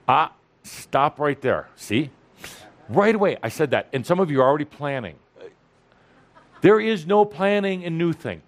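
A man's voice: a little high, expressive, normal speed, long pauses. A man speaking to an audience as a spiritual teacher. He teases and provokes, and he repeats lines for emphasis. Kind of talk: teasing, lively spiritual talk.

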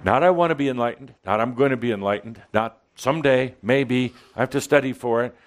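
Playful man giving a spiritual talk. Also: medium pitch. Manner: playful, teasing, dramatic pauses, swings between loud and soft. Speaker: channeling speaker. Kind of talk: channeled spiritual talk to an audience.

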